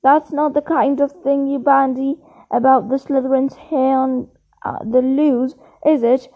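A woman voicing a solemn, self-important stout schoolboy who gossips in hushed, grave tones. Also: high voice, fairly even intonation, measured pace. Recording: tinny phone-like sound.

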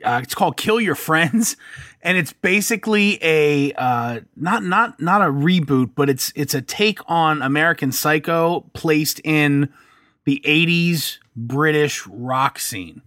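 A man with a slightly high voice co-hosts a casual podcast, eager and stumbling through restarts. The sound is dry and close, with no room echo. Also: expressive, takes it slowly, fairly bright tone. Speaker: podcast co-host.

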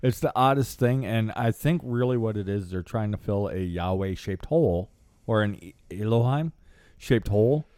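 A man's voice: on the low side, lively intonation, moderate pace, warm tone, clear, resonant tone, dry recording, studio quality. A man co-hosting a casual discussion, agreeing often and adding his own analogies. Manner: agreeable, chimes in with affirmations and analogies. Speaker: podcast co-host.

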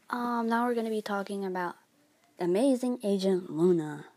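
A woman's voice: mid-range voice, normal speed, a little mellow, dry recording. A young woman casually rambling through a manga review with lots of fillers and giggles. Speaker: vlogger. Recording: guitar music playing behind voice.

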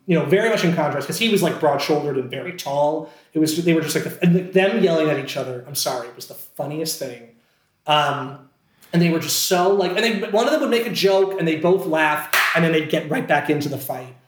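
A man's voice: a little high, echoey room. A man telling a long story in casual chat, rambling, with many fillers and restarts. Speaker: podcast co-host telling a story.

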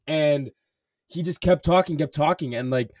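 This clip features a young man with a fairly high, slightly mellow voice telling a story while co-hosting a podcast. He speaks at normal speed, curses a lot, and keeps saying "like" and "bro," all in clean, echo-free studio sound recorded from afar.

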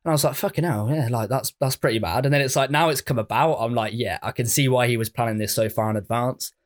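A man's voice: medium pitch, fast. A man from England co-hosting a podcast, chatting casually and enthusiastically, rambling with fillers and swearing. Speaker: podcast co-host. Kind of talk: casual chat.

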